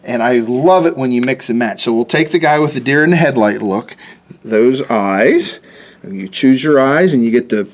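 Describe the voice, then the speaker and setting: A middle-aged man running a relaxed cartooning lesson for kids. He talks in a chatty, playful way, full of fillers, restarts and little jokes, at an ordinary pitch for a man. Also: brisk, few pauses. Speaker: cartoonist teaching a drawing class. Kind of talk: casual drawing lesson for kids.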